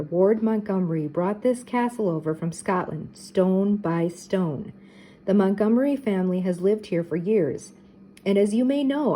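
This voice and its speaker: A woman's voice: mid-range voice, mellow, natural voice, low-quality recording. Woman reading as a dignified castle owner.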